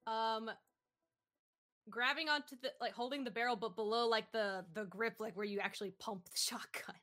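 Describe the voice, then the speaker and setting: Bright high-voiced woman player. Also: steady tone, normal speed. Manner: hesitant, filler-heavy describing. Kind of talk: tabletop game play.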